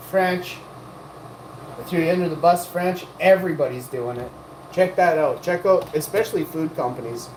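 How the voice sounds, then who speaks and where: Woman, livestream host, rambling, joking, teasing chat, low voice, mellow tone. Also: normal speed, slight background noise, low-quality recording. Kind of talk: rambling live-chat banter.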